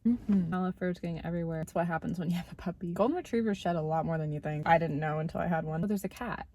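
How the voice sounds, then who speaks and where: A woman's voice: lowish voice, rapid-fire, dark tone, slight background noise. A woman chatting casually to her viewers while eating. She rambles, laughs often and sometimes talks with her mouth full. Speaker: vlogger.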